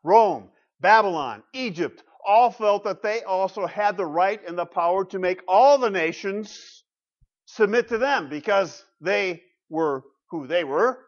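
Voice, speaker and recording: A man's voice: high-pitched, animated, a little slow. A middle-aged man preaching a sermon as pastor, emphatic, asking the congregation rhetorical questions. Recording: dull lo-fi sound.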